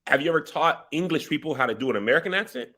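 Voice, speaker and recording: A man's voice: a little high, animated, racing, pushed and bright. A man hosting a casual interview, playful and joking with his guest. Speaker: host.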